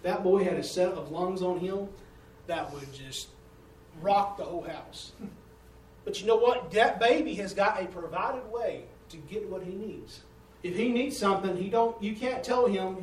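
Male preacher, high voice, folksy storyteller with big swings from loud to soft, recorded from a distance in a roomy church. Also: measured pace, slight background noise. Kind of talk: sermon. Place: church sanctuary. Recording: echoey room heard from a distance.

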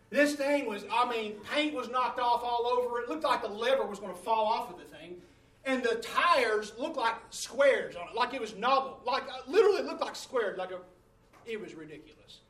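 A man's voice: sits high, fairly bright tone, distant mic. A man preaching a sermon, telling a story and calling on the congregation for answers. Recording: roomy room, voice away from the mic.

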